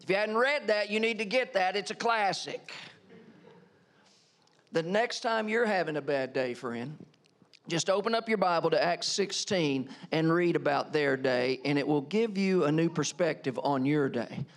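High-voiced, animated preaching man. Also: moderate pace. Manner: animated, emphatic preaching with rising exclamations and rhetorical questions. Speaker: pastor. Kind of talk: sermon.

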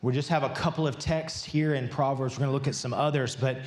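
A man's voice: medium pitch, fairly even intonation, quick pace. A man preaching a sermon in a large church, chatting and joking with the congregation before reading from scripture. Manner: conversational and playful, joking with the congregation. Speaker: pastor. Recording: echoey church hall.

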